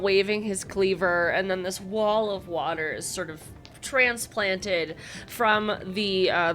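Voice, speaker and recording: A woman's voice: mid-range voice, a bit bright. A woman narrating a tabletop game as game master, chatty and often laughing. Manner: giggly, loose and chatty.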